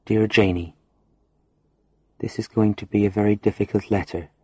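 A man's voice: low voice, darkish tone, husky. A man reading a farewell letter as a condemned male prisoner, grave and resigned.

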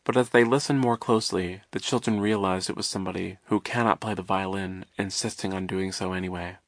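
Low-voiced man narrating an audiobook. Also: fairly even intonation, dry recording, clean studio sound. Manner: wry, measured storytelling.

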